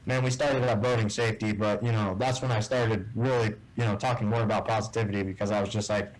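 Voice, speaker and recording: A man as a guest in a casual interview, telling a story and acting out the dialogue with lively shifts in voice. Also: on the low side, fast talker, poor audio. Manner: animated storyteller who acts out quoted dialogue. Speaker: guest, tournament bass angler.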